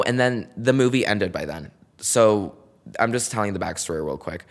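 Gravelly low-voiced man, chatty storyteller. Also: expressive, moderate pace. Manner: chatty and dramatic, heavy use of "like" and slang. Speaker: podcast host. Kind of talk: casual solo storytelling.

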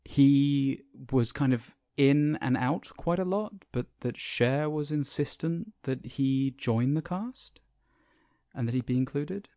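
A podcast co-host chatting casually about a film, relaxed and encouraging the other speaker. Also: medium pitch, slow, dry recording, clean studio sound. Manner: relaxed, supportive listener, short backchannels.

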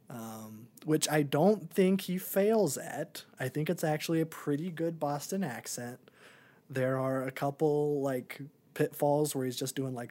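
A man's voice: mid-range voice, mellow. Rambling young man reviewing a movie. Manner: rambling, many ums and likes. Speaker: podcast co-host. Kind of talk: casual movie review chat.

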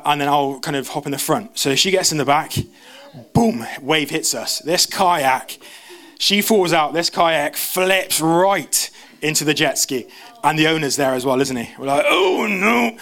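A young man preaches to a church congregation, telling his stories with animated energy and acting out the voices of the people in them. His voice sits a little on the high side. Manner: animated storyteller, jumps into quoted voices. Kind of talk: storytelling sermon. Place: church service.

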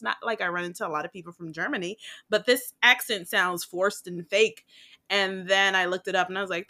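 A woman's voice: medium pitch, lively intonation, normal speed, bright, forceful tone. A woman co-hosting a podcast in casual chat, blunt and profane, often laughing and going off on tangents. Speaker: podcast co-host.

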